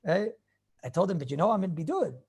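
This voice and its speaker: A man's voice: high voice, lively intonation, quick pace, darkish tone, breathy edge. A male rabbi giving an informal, rambling class on Jewish law, repeating words and restarting phrases, mixing Hebrew and Yiddish terms into his English.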